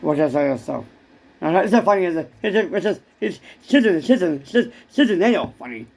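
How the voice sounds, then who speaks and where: A man's voice: high-pitched, very animated, moderate pace, creaky, darkish tone. A man in a rambling comic monologue who stammers and keeps repeating words.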